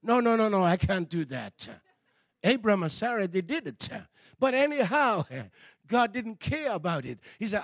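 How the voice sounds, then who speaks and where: Preacher, male; high and gravelly voice, dry close sound, swings from hushed asides to shouts. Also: animated, moderate pace, no echo. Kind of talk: sermon.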